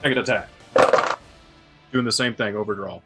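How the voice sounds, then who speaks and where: Low-voiced man counting dice. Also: fairly even intonation, moderate pace, loud music behind the voice. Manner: counts dice rolls out loud. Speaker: player. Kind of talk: casual tabletop play.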